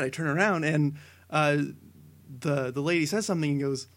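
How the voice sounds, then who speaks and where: A young man co-hosting a casual podcast, telling a long story with many fillers that builds to excited shouting. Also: fairly high pitch, brisk. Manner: rambling tall tale, building to excited shouting. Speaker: podcast co-host.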